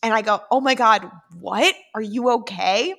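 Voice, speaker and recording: Bright-voiced woman podcast host. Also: a little high, moderate pace, creaky. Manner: reads texts aloud dramatically, laughing often. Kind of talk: casual podcast chat.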